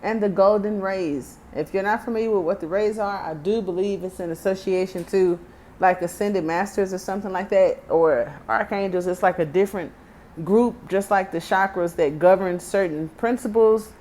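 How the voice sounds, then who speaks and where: A woman's voice: mid-range voice, moderate pace, warm tone, a little hiss or hum. A woman in her thirties with a Texan accent, giving a casual tarot card reading with chatty, joking asides while she reads the card text aloud. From Texas. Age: 30s. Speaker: tarot reader.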